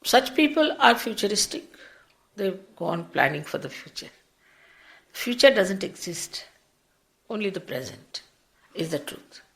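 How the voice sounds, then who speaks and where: An older woman, a spiritual teacher, giving an unhurried, explanatory public lecture with big swings in pitch and loudness. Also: big pitch swings, gravelly. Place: public program before an audience.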